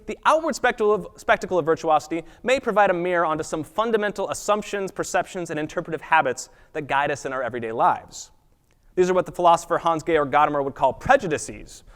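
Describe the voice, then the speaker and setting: A man giving an academic lecture at a college, reading prepared text in a measured way and sometimes correcting himself. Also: on the high side, a bit bright. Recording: long reverb of a lecture hall.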